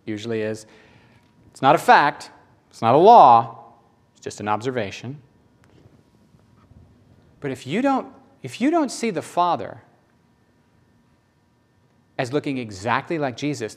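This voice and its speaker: A middle-aged male preacher talks to his congregation in a loose, conversational way. He tells personal stories with strong emotion. His pitch leaps up in excited moments and sinks to a hush in the tender ones. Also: a little slow, pauses often. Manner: conversational, emotional storytelling with sudden rises in pitch. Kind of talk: sermon.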